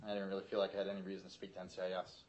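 A man in a recorded testimony interview, answering in measured, clipped replies and addressing the questioner as sir. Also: low voice, completely flat delivery, darkish tone, slight background noise. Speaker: Marine interviewee.

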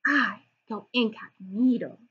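An excitable little boy cat who brags that he is the greatest sword fighter, put on by a woman reading a storybook. The voice is high and slightly husky, and the recording sounds a bit dull and lo-fi. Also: slow, full character voice. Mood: boastful. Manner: excitable, exclaiming.

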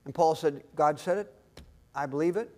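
High-voiced preaching pastor. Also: male voice, moderate pace, dark tone. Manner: emphatic preaching with call-and-response questions. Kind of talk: sermon. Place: church.

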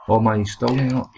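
A young Scottish man with a creaky, medium-pitched voice runs a gaming channel and offers rowdy, foul-mouthed commentary as he plays a boxing game. Loud game audio and clicking fill the background of this let's play.

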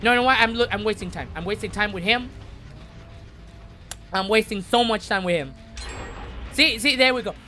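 Bright-voiced excitable swearing gamer man. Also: high voice, normal speed, long pauses, faint music behind. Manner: swearing, excitable, talks to the game. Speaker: streamer. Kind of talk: live gameplay commentary.

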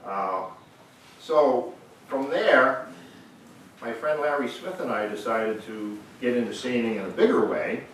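A man's voice: mid-range voice, recorded from a distance. An older man gives a folksy storytelling talk, laughing at his own stories as he goes. He sits well back from the mic in a very echoey room. A faint hiss runs under the recording. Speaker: guest speaker. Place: museum lecture room.

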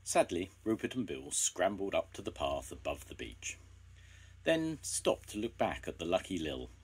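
An older man reading a children's story aloud, gentle and expressive. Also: sits low, normal speed, slightly rough.

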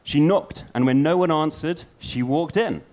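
A man giving a storytelling conference talk, an animated storyteller. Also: fairly high pitch, moderate pace. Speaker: conference speaker.

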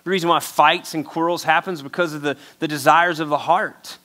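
A man's voice: fairly high pitch, fairly even intonation, brisk, pushed and bright. A male pastor preaching a sermon in an emphatic, conversational way, acting out little quotes.

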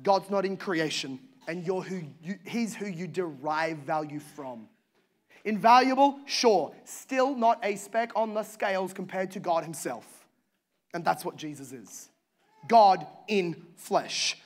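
Guy preaching a sermon, really high voice, goes from hushed to loud and fired up. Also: expressive, measured pace. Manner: impassioned, swings from hushed to loud. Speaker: pastor.

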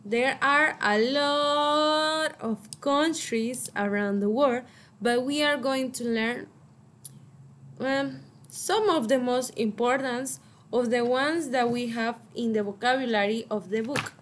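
Woman, Mexican Spanish accent, English teacher, high voice, deliberate word-by-word drilling. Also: a bit bright, slight background noise. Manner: slow, deliberate, repeats each word for pupils to echo. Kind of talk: online vocabulary lesson for children.

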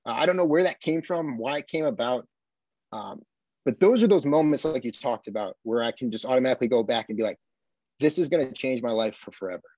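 A man from the United States, a podcast guest, telling his experiences in an earnest, animated way with frequent tag questions. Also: medium pitch, fast talker, dry recording, dull audio. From Buffalo, USA. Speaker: podcast guest, army veteran. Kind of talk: casual conversation.

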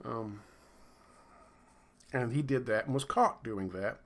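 A man's voice: medium pitch, slow pace. A middle-aged man ranting in a casual commentary, sarcastic and profane, rambling with lots of fillers. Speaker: video commentator.

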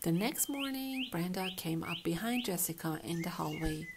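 A woman reads a children's picture book aloud, telling the story in a gentle, expressive way. Her voice is fairly low-pitched and moves at normal speed, with background noise behind it.

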